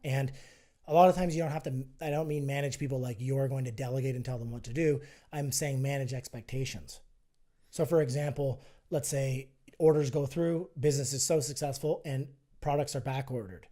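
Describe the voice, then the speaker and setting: Mellow-voiced man arguing his point. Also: mid-range voice, fairly quick. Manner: animated, persuasive, acts out both sides of arguments. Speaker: guest, health and fitness entrepreneur. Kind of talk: casual podcast conversation.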